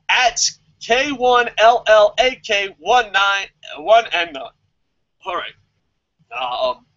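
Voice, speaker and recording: A man with a bright, tense voice that sits a little high holds forth on his own vlog. He is animated and sarcastic, and he swears casually while answering viewer questions. The recording sounds dull and lo-fi. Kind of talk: casual opinionated commentary.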